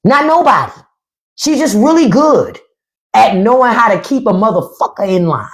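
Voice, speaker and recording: A woman's voice: a little high, moderate pace. A middle-aged woman hosting a live stream, telling stories in a casual, profane way and acting out quotes. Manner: profane, animated storytelling with acted quotes. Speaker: podcast host.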